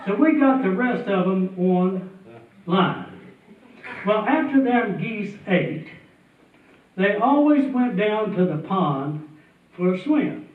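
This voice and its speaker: On a festival stage before an audience, a storyteller with a high, expressive voice spins a tall tale slowly, pausing often, in a folksy, chuckling way. The recording sounds tinny and distant, with an echoey hall quality.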